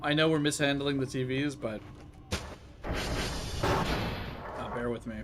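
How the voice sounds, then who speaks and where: A man's voice: mid-range voice, takes it slowly, over loud music. A man streaming a game, thinking aloud to his chat in a loose, muttering, self-mocking way. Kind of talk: casual gameplay commentary to chat.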